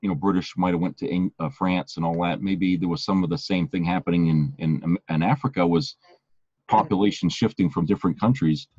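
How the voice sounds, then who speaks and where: Man, podcast co-host, casual rambling chat, husky, dull lo-fi sound. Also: sits low, fairly quick, a little mellow, no echo. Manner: rambling, repeats and restarts phrases.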